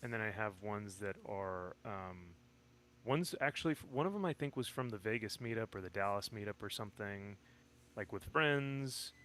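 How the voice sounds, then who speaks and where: A man in casual chat, talking in a halting, rambling way with many fillers and restarts. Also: on the low side, lively intonation, a bit bright. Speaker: stream guest.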